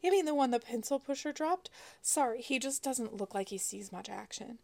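A woman voicing a young woman who bluffs her way through questioning by an officer, in a higher, breathless, squeaky tone. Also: animated, moderate pace, creaky, a little mellow, dry recording. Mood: bluffing.

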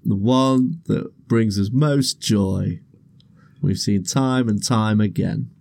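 A man's voice: fairly low pitch, takes it slowly, creaky, a little mellow, dry recording. Young man telling a rowdy story. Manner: swearing, laughing through anecdotes. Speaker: podcast co-host. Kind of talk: casual chat, storytelling.

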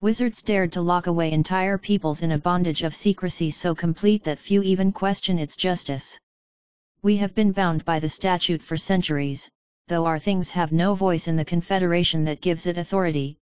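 A woman's voice: fairly low pitch, fairly even intonation, moderate pace, darkish tone, clear, resonant tone, no echo, muffled recording, natural voice. A woman voicing a small, proud, bitter male goblin leader who gives a grand speech in a raw, emotional voice.

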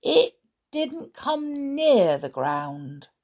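A woman reading a children's storybook aloud in an expressive, measured storytelling manner. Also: high-pitched.

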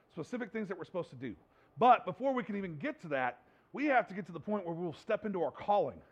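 A man as pastor, preaching a casual, conversational sermon that builds to emphatic points. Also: high voice.

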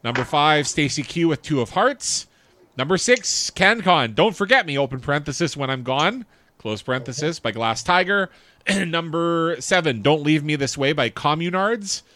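A man's voice: on the high side, expressive, moderate pace, sharp tone. A man co-hosting a podcast in casual chat, reading facts and chart lists aloud and chuckling along. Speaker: podcast co-host.

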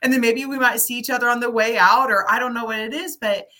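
A middle-aged woman in casual chat, telling an animated story and acting out the people she quotes. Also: fairly high pitch, quick pace.

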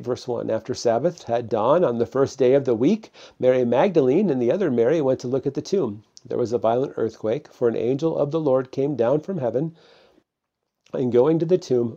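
Male pastor, gravelly and mellow, chatty sermon to camera with fillers, lo-fi sound. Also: medium pitch, moderate pace. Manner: plain conversational preaching with many fillers. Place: preaching to a camera.

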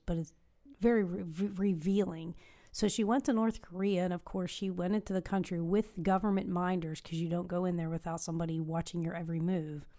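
A woman's voice: fairly low pitch, dark tone. A woman chatting casually, recounting a long story with lots of "um"s and restarts. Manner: rambling storytelling with many fillers. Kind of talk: casual chat.

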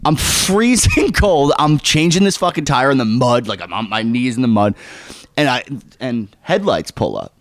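A young man tells a story on a casual podcast, his pitch swinging widely as he acts out each person he quotes. He swears freely and jumps between voices. The sound is close and dry. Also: sing-song, moderate pace, dry recording. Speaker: podcast co-host.

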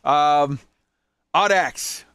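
Joking podcast host, slightly high voice. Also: male voice, very slow, smooth, no echo. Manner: joking, animated storytelling. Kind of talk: casual chat.

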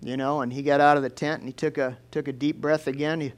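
A man preaching a sermon in a folksy, lively storytelling way. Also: a little high, quick pace, hardly any pauses.

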